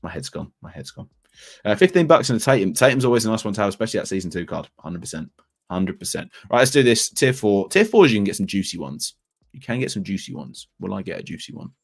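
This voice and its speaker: Male streamer, thirties, low pitch, rambling, self-mocking live chat. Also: big pitch swings, fast, creaky, husky. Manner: rambling, self-deprecating, chatty. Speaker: fantasy basketball streamer.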